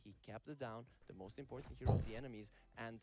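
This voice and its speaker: A man's voice: medium pitch, fast talker, dark tone. A male esports analyst breaking down a match in live commentary. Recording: broadcast with crowd noise.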